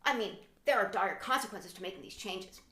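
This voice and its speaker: A woman's voice: mid-range voice, lively intonation, brisk, bright, forceful tone, echoey room. A woman mimicking a fussy phone settings app that gives a dramatic warning about changes. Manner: overly cautious, dramatic.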